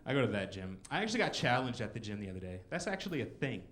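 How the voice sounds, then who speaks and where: A man's voice: mid-range voice, very animated, rapid-fire, a crowd in the background. A man in his twenties doing a rambling, self-mocking stand-up set in a comedy club. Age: 20s. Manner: rambling, self-mocking, with frequent "you know" and "like".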